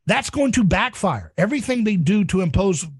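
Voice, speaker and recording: A man hosting a casual podcast discussion, talking in a rambling, animated way. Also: normal speed, breathy edge, no room sound. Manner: rambling and animated, acts out voices in shrill squeals. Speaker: podcast host.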